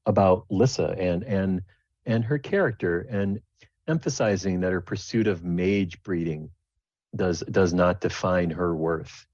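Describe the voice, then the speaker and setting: A man's voice: low-pitched, unhurried, a little mellow, dry recording. A man narrating a tabletop game as game master, rambling with many restarts. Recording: dull lo-fi dry recording.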